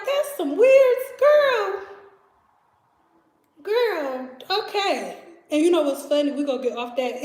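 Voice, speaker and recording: Brief: young Detroit woman, casual storytime vlogger, high voice, lively and laughing. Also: echoey room. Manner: chatty, animated, laughs often, acts out voices. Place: home kitchen.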